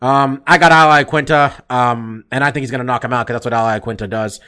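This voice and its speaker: A man hosts a loose, casual sports chat over a video call. He talks bluntly and swears freely, at an ordinary pitch. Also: fairly even intonation, fast talker, sharp tone, clear, resonant tone. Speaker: podcast host.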